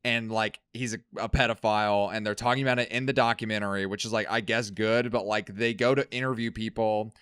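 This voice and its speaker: A young man co-hosting a podcast, ranting in casual chat with lots of swearing and sudden loud, high bursts. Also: fairly even intonation, a little fast, few pauses, clean tone, no echo, clean studio sound. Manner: ranting, heavy swearing, swings loud and high when worked up. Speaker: podcast co-host.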